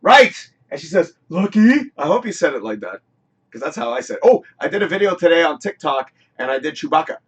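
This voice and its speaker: A man hosting a casual live-streamed talk show, rambling, excitable and swearing freely in a home studio. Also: fairly high pitch, fast talker, slightly rough.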